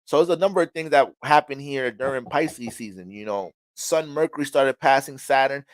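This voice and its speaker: Profane, animated male astrologer. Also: mid-range voice, moderate pace, no room sound. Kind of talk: casual astrology reading.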